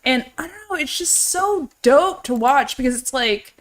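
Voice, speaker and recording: A woman hosting a casual livestream movie chat, telling stories in a loose, profane, animated way. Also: high-pitched, moderate pace, a little hiss or hum. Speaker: livestream movie podcast host.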